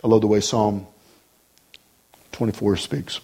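A man preaching a sermon with emphasis, swinging between loud raised passages and low, quiet ones. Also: normal speed.

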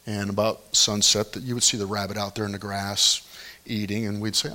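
A middle-aged man preaching a sermon, telling stories in an animated way that swings from loud to hushed. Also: medium pitch, fast talker. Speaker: pastor.

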